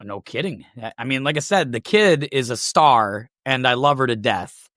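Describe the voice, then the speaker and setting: A man hosting a podcast, chatting casually and telling stories with lively swearing. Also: mid-range voice, normal speed, dry recording, studio quality. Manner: animated storytelling with profanity. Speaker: podcast host. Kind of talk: casual chat.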